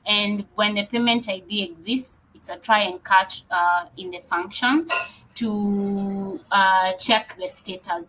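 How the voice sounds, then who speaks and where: Woman tech presenter, bright tone, walks through code step by step with many pauses and fillers; faint noise behind. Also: mid-range voice, rough recording. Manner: explanatory, hesitant with frequent fillers. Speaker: developer relations presenter. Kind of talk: live coding walkthrough.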